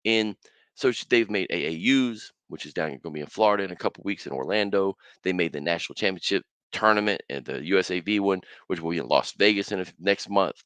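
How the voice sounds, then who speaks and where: A middle-aged man hosting a casual solo podcast, animated and slangy, with bursts of loud excitement. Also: deep voice, fast talker, clear, resonant tone, no room sound. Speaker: podcast host.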